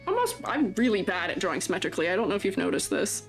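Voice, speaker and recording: A woman's voice: mid-range voice, very animated, rapid-fire. Giggly, chatty woman streamer. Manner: giggly, chatty, reads viewer comments aloud; playful and teasing with chat. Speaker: streamer reviewing avatar designs. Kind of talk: casual live-stream chat while drawing. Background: faint background music.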